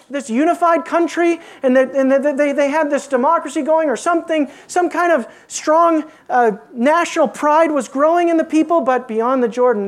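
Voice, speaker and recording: Female preacher, slightly high voice, expository sermon, rhetorical questions, hushed emphasis on key words.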